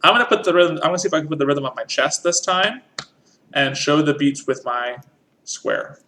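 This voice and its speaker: A man's voice: fairly high pitch, fairly quick, pushed and bright, slight background noise. A man teaching a music lesson, patiently explaining rhythm and counting in. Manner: patient, counts in and sings along.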